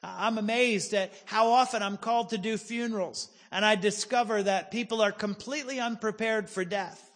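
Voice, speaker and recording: A man in his forties, a pastor preaching a sermon, telling a personal story with humor and slowing down for emphasis. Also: high voice, fairly even intonation, a bit bright, in a large hall. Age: 40s.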